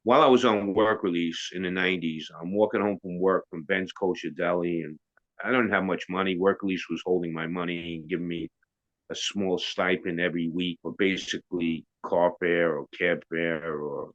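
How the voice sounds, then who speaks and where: A middle-aged man with a very low voice tells a long story as a guest, loose and rambling, doubling back and adding asides. The sound is dull and lo-fi. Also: fairly even intonation, normal speed, fairly bright tone. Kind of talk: casual spoken storytelling in an interview.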